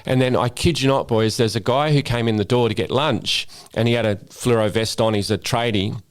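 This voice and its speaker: A middle-aged former police officer from Western Australia chats casually as a guest on a podcast interview, often repeating words as he starts a sentence. His mid-range voice is brisk, with no echo.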